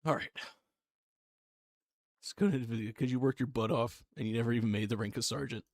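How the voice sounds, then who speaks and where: A man's voice: medium pitch, fast, no room sound. Laid-back male streamer, dry close sound. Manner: laid-back, chuckling, thanks viewers. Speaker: streamer reacting to videos. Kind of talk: casual live-stream chat.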